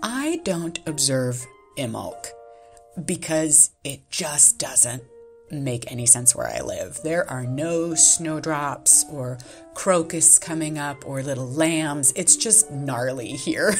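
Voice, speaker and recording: Soft, gushing woman vlogger, low and gravelly, music behind her. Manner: gushing, soft-spoken, often laughing. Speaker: art vlogger. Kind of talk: casual vlog chat and voice-over narration.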